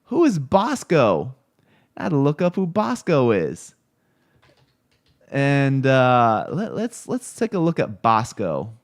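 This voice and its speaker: Slow, halting male streamer. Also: mid-range voice, wildly swooping pitch. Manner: rambling, halting, many fillers and restarts; reads chat and looks things up on screen while talking. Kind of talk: casual live stream commentary.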